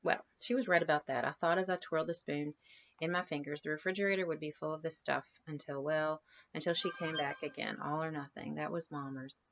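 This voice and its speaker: A woman's voice: low voice, steady tone, brisk, a bit bright, lo-fi sound, slight background noise. A woman teacher reading a novel aloud to her class in a conversational way, stopping to ask her students questions. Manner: conversational, asks students questions between passages.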